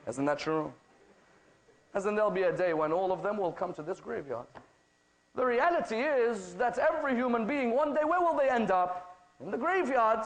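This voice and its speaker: High-voiced British man giving a religious lecture. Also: poor audio. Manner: rhetorical questions to the audience, acts out dialogue in the stories. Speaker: Islamic lecturer.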